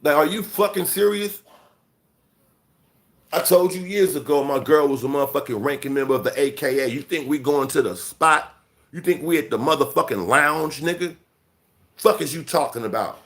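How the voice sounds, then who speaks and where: A man's voice: fairly high pitch, normal speed, fairly bright tone. Man, late forties, livestream rant, confrontational, heavy cursing. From Chicago. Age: 40s. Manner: profane, scolding, confrontational. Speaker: livestream host.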